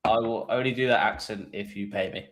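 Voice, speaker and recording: A man guesting on a podcast trades stories and self-deprecating jokes in relaxed chat. His voice sits somewhat low. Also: fairly quick, crowd noise. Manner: self-deprecating, joking storyteller. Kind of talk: casual video-call chat.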